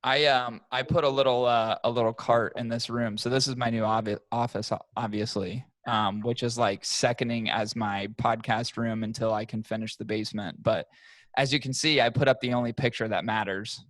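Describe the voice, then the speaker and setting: A young man, a podcast co-host, telling a profane, animated story in casual chat. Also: medium pitch, moderate pace, dry recording.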